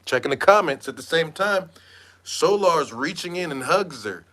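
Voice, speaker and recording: A man with a bright, forceful voice runs an animated gossip commentary, mocking and slangy. His pitch sits a bit high for a man. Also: normal speed. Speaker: online commentator.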